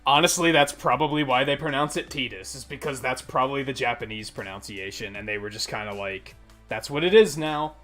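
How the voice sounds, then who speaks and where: A man's voice: medium pitch, brisk, hardly any pauses, bright, forceful tone. A man live-streaming a video game, rambling casually and swearing often. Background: faint game music.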